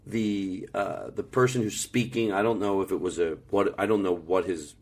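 A man's voice: deep voice, steady tone, normal speed. A man co-hosting a podcast, telling rambling, profane comedic stories in casual chat from a hotel room. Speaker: podcast co-host.

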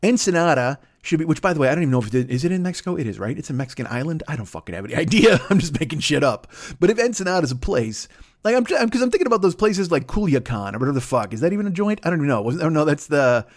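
A man's voice: a little high, big pitch swings, rapid-fire. Man riffing crudely on a comedy podcast. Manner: rambling, crude, goes into silly voices.

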